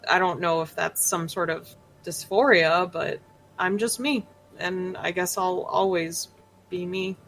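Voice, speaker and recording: Woman, tabletop player, rambling, laughs a lot, unhurried delivery. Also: fairly low pitch, steady tone, a bit bright, faint music behind, poor audio. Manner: laughs often, rambling with fillers. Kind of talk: casual role-play narration.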